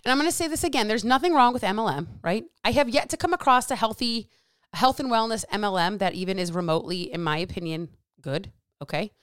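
Woman, middle-aged, podcast host, blunt, swears a lot, smooth clear voice, dry close sound. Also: medium pitch, fast talker, a bit bright, no room sound. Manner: blunt, profane, sarcastic. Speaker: podcast host and diet coach. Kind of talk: casual solo podcast rant.

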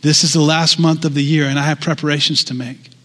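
A preacher reading as an old, earnest pearl diver. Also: male voice, a little high, little pitch movement, fast, a bit bright, long reverb tail, natural voice. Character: old male pearl diver, calm and devout.

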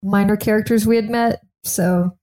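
A woman's voice: mid-range voice, steady tone, normal speed, a little mellow. A woman co-hosting a podcast, chatty and playful. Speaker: podcast co-host. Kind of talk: casual chat.

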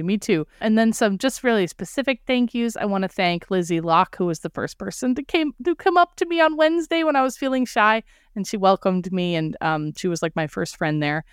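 A woman's voice: medium pitch, clear, resonant tone, no room sound, studio quality. A woman hosting a podcast in a casual, effusive way, gushing with thanks and laughing easily. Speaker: podcast host.

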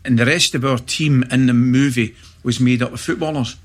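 A middle-aged Scottish man, a former footballer, telling lively anecdotes in casual chat, often checking in with "right?". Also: mid-range voice. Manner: animated anecdotes, quick asides like "right?". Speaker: former footballer and pundit guest.

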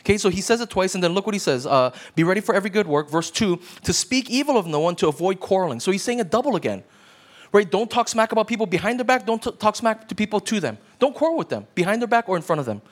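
A man's voice: sits high, big pitch swings, quick pace. A man preaching a sermon as pastor, conversational and emphatic, often checking in with his listeners. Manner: conversational preaching with frequent "right?" asides.

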